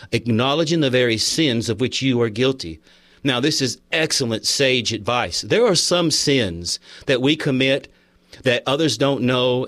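A man's voice: mid-range voice, a bit bright, no echo. A man preaching a sermon, earnest, telling personal stories and reading passages aloud from a book. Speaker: pastor.

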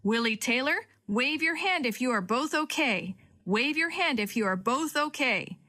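Storybook rescuer, firm and commanding, loudspeaker calls; read by a woman. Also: sits high, lively intonation, normal speed, pitched above the performer's own voice, full character voice. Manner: loud, commanding announcements. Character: male rescuer calling over loudspeaker.

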